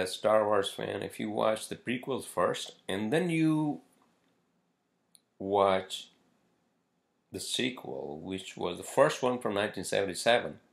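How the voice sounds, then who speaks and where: Guy ranting on his own podcast, low gravelly voice, swears a ton, lots of uh's and restarts. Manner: rambling, profane, many fillers. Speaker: podcast host. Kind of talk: casual solo podcast rant.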